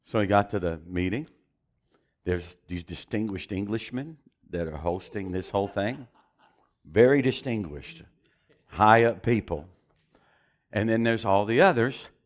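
A preacher telling a story in a sermon, animated and often chuckling as he goes. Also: on the low side, unhurried, long pauses.

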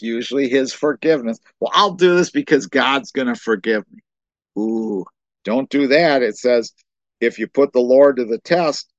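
A man's voice: mid-range voice, no echo. A man preaching a sermon as the pastor, talking animatedly with restarts and acting out quoted voices. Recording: dull muffled dry recording.

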